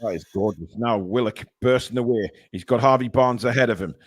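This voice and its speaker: A man hosting a live fan broadcast of a football match. He talks through the action in an easy, mid-pitched voice. When a chance opens up he surges into excited shouts. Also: brisk, breathy edge. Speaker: host and match commentator.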